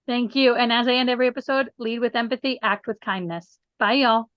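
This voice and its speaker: A woman's voice: on the high side, steady tone, a little fast, dry recording, muffled recording. A woman hosting an interview podcast, affirming her guest and closing the show with a scripted sign-off. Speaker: podcast host.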